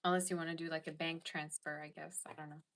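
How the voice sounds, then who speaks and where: A woman's voice: deep voice, little pitch movement, quick pace, fairly bright tone. A woman hosting a casual tarot livestream, chatting and reading viewer comments aloud. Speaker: tarot reader and livestream host.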